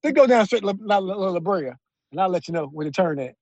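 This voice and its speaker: A man co-hosting a casual podcast, reacting excitedly and jumping into the story. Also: high voice, highs cut off. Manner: excitable, chimes in with quick reactions. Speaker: podcast co-host. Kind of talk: casual chat.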